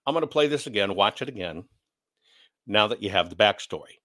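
A man's voice: on the low side, animated, brisk, fairly bright tone. A man hosting an opinionated commentary show, blunt and sarcastic as he rants. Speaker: commentary host.

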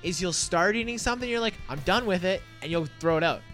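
A man hosting a podcast, chatting casually with friends in an animated way, swearing often and joking. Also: sits high, soft background music. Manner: animated, swearing, quick jokes. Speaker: podcast host. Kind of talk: casual chat.

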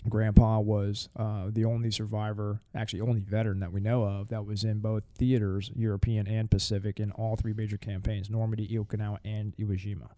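A middle-aged firearms instructor and former Marine tells blunt, profane stories in a casual podcast chat, rambling and restarting. His voice is fairly low, dark and level, a little fast with hardly any pauses, with no room sound.

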